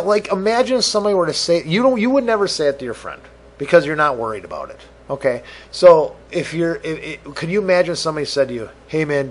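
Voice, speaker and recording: A man hosting a podcast, ranting profanely and exasperated, acting out both sides of imagined conversations. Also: on the high side. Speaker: podcast host. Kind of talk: solo rant podcast.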